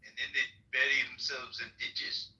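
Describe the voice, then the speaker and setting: A man's voice: medium pitch, flat delivery, normal speed, pushed and bright. A man co-hosting a comedy prank call show, tossing in wry side remarks. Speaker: co-host. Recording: roomy, from a distant mic.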